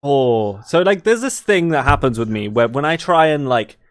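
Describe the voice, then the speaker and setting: A man's voice: mid-range voice, expressive, moderate pace, no echo, studio quality. A British man co-hosting a podcast in casual chat, telling stories with laughs and acted-out voices. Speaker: podcast co-host.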